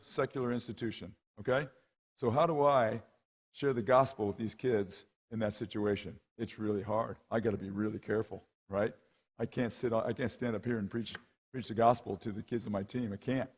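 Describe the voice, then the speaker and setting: The speaker is a middle-aged rowing coach with a husky, medium-pitched voice, giving a guest talk at a men's conference. Through lively, conversational stories he acts out the people he describes and keeps asking "right?" and "okay?".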